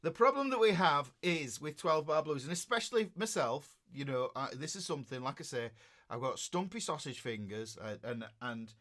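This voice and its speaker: A man's voice: fairly high pitch, lively intonation, moderate pace, a bit bright. A middle-aged man, a guitar teacher chatting casually on a livestream and reading out viewer comments in a rambling way.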